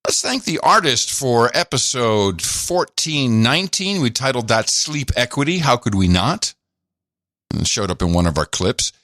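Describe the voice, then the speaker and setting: A male podcast host riffing in loose, teasing banter, laughing as he goes. His voice is bright and cutting, and his pitch swoops all over. The sound is close and bone dry. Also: big pitch swings, moderate pace, dry recording. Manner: joking, mocking, laughs often. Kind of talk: casual banter.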